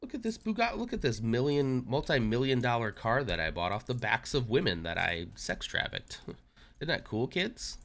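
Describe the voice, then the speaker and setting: A man's voice: mid-range voice, very animated, moderate pace, a bit bright, pitched above the performer's own voice. A man doing a mocking impression of a boastful, arrogant male influencer who shows off and brags. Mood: smug. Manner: mocking, over-the-top bragging impression.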